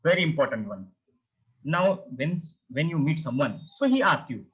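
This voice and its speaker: A man teaches a beginner language lesson, patiently repeating each word many times and explaining pronunciation step by step. His voice is on the high side, a bit bright with a breathy edge, swinging widely in pitch at normal speed, on a dull lo-fi recording.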